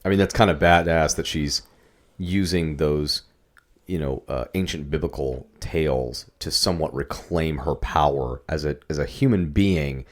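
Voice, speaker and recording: A man's voice: a bass voice, moderate pace. A man co-hosting a podcast, asking questions and thinking aloud about a film in casual chat. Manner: reflective, asks questions, thinks aloud with fillers. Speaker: podcast co-host.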